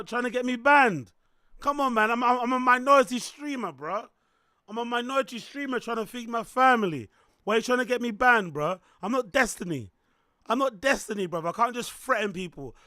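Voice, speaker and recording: Man, hoarse rough voice, high-pitched, bright, streamer banter. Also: no room sound, clean studio sound. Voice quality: rough smoker-like voice. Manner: loud playful banter with chat. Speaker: streamer host. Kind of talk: casual livestream chat.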